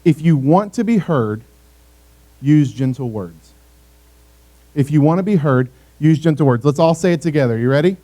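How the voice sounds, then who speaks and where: A young man preaching to a youth group in a relaxed, conversational way, often checking in with the room. His voice sits a little high, but the tone is dark and mellow. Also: moderate pace, pauses often. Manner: conversational, asks the audience for responses. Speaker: youth pastor. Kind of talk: youth ministry talk.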